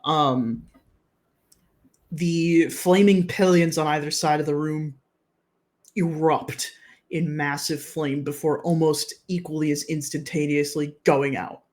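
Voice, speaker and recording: A man's voice: fairly high pitch, fairly even intonation. A man narrating and explaining rules as game master of a live-streamed tabletop game. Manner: measured, explains rules patiently. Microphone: streaming setup.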